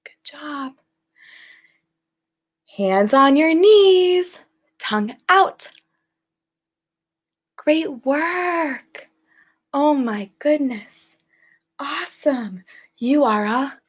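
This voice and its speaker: A woman's voice: sits high, drawn-out words, long pauses, low-quality recording. Bubbly woman leading kids yoga. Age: 20s. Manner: animated, sing-song, playful animal sounds. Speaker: children's yoga instructor. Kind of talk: livestreamed kids yoga class. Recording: faint music behind the voice.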